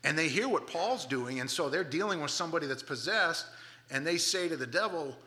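Animated, bright-voiced male preacher. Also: a little high, a little fast. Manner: animated, emphatic, conversational. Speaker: pastor. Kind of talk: sermon.

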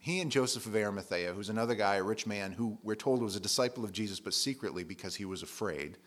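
A man's voice: lowish voice, fast. A man preaching a sermon in a conversational, plain-spoken way, leaning hard on key words.

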